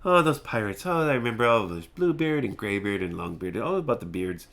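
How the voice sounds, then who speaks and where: A man voicing an eccentric, rambling hermit who jumps between a booming deep voice and a high cackle. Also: very animated, fairly quick, fairly bright tone.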